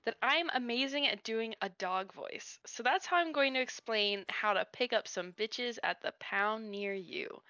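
A woman's voice: fairly high pitch, unhurried, few pauses, sharp tone, no room sound, highs cut off. A woman giving an improvised comic talk on a headset, breezy and mock-instructional. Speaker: improv game player.

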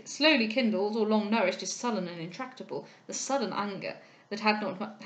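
A polished, formal gentleman from an old novel speaks in measured, courteous phrases, as a woman reads him aloud. The voice sits at a middling pitch. A roomy echo hangs around it. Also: lo-fi sound, close to an everyday voice.

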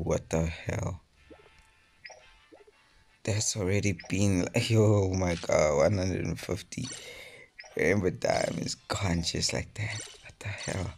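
A man's voice: low-pitched, steady tone, slow pace, gravelly, pauses often, a little mellow, soft background music. A young man doing casual gaming vlog commentary, frustrated, swearing a lot and dropping into whispers. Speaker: mobile game YouTuber.

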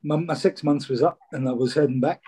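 A man's voice: a little high, brisk, warm tone, breathy edge. A Scottish man, a former footballer, telling stories casually in an interview and often saying "mate". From Scotland. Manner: chatty, says "mate" a lot.

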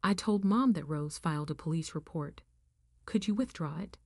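A woman's voice: deep voice, normal speed, darkish tone, slightly rough, dry recording, studio quality. A woman voicing a defensive adult man who pleads and demands, in her everyday voice. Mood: pleading.

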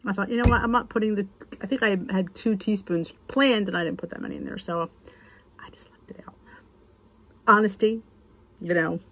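In this low-quality clip, a cooking vlogger from the United States talks viewers through a recipe in a loose, chatty way. Her voice sits in the middle range, and the tone is that of a relaxed kitchen demo.

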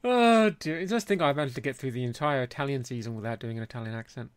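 A man's voice: medium pitch, fast, clear, resonant tone, no echo. A man hosting a casual beer podcast, teasing his co-host with jokes and laughing often. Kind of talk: casual chat.

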